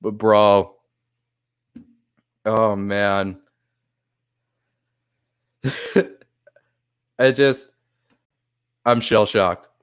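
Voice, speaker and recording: Overwhelmed laughing man, slow and clear. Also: fairly low pitch. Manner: laughs often, swears, stunned and grateful. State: overwhelmed, shaky, close to tears. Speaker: sports live streamer. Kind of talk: casual live-stream chat.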